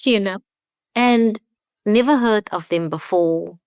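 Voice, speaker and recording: A woman's voice: mid-range voice, slow, clean tone, no echo, clean studio sound. A woman from South Africa, a winemaker, speaking as a guest in a conversational interview and telling stories with acted-out dialogue. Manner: warm storytelling, acts out quoted dialogue.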